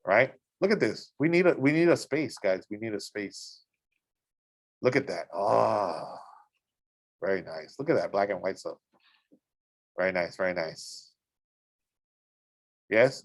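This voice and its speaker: A man teaching a school art and design class in a casual, chatty way, exclaiming over pictures and often checking in with the students. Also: lowish voice. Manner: enthusiastic, exclaims over images and keeps checking in with "right?". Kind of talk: casual classroom instruction while browsing images.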